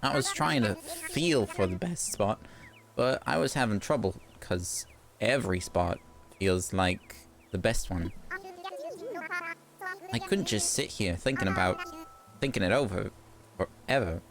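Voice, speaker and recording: A woman voicing a cheerful, eager island villager with a rough put-on Australian accent, reading game lines in a bubbly way. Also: a bass voice, expressive, measured pace, long pauses, heavily acted. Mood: chirpy.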